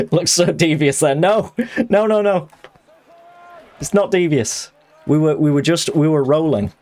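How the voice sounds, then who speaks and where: A man chatting excitably and jokily while streaming a fighting game live. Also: fairly high pitch. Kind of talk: live gaming commentary.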